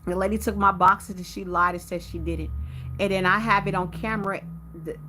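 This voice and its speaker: A woman with a bright, forceful voice recounts a run-in with a neighbor on a live stream. Her pitch sits in a middle range. She talks straight to her viewers, heated and animated. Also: brisk, a little hiss or hum. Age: adult with a teenage son. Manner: addresses viewers directly. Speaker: livestream host.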